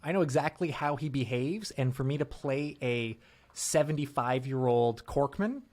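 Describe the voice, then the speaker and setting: A man co-hosting a podcast about improv, explaining his view in a relaxed, measured, conversational way. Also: medium pitch. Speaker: podcast co-host, improv performer. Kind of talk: casual podcast discussion.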